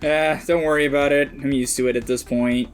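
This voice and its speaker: A man's voice: mid-range voice, fairly even intonation, a little fast, smooth. Guy cohost reading his lines kinda earnest, stumbles a bit, music faint. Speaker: podcast cohost reading a part. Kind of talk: comedic table read.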